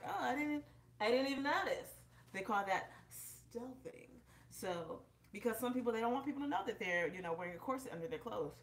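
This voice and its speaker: A woman's voice: fairly low pitch, echoey room, a little hiss or hum. A woman vlogger, a little out of breath, chatting directly to her viewers while demonstrating on camera at home. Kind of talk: casual vlog, demonstrating on camera. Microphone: camera propped up in front of her.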